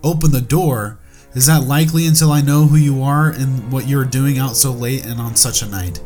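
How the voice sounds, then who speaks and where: A man's voice: medium pitch, steady tone, normal speed, darkish tone, faint music behind, natural voice. A man voicing a frightened poor farmer in a ghost story he reads aloud, his voice raised in alarm.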